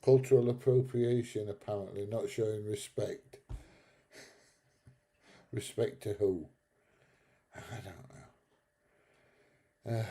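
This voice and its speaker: The live stream host, a middle-aged man going through the chat, has a dark, mid-range voice. He chats bluntly and casually, swears, and laughs at his own jokes.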